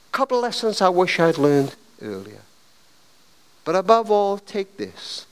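A man preaching a sermon, telling stories in a dramatic, animated way. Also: high voice, measured pace, smooth, big-room sound. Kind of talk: sermon with storytelling.

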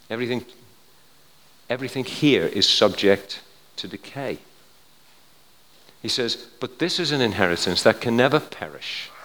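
An older man preaching a sermon, telling stories conversationally, going quiet and then building to emphatic points. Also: medium pitch. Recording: long hall reverb.

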